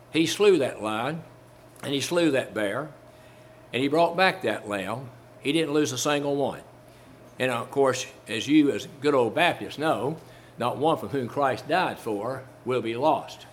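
A man preaching a sermon at a mid-range pitch, hammering home repeated phrases and tossing rhetorical questions at his congregation. He quotes old-style scripture with steady conviction. A faint hiss of noise sits under the recording. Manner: quotes King James scripture. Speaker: Baptist preacher.

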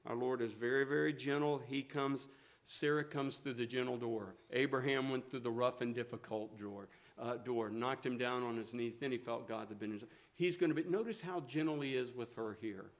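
A man's voice: medium pitch, fairly even intonation, normal speed. A middle-aged man preaching a sermon in a folksy, storytelling way, chuckling often as he talks.

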